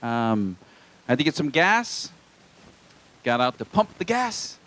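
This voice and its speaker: A man's voice: mid-range voice, sing-song, slow, a bit bright. A man from Hawaii doing a live stand-up set in a small comedy club, with self-deprecating, wry asides to the crowd.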